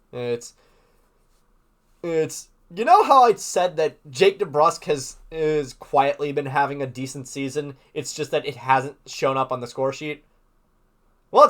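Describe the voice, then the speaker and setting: Rambling higher-voiced male podcast host. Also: fairly bright tone. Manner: rambling, filler-heavy, frequent restarts. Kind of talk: casual game recap.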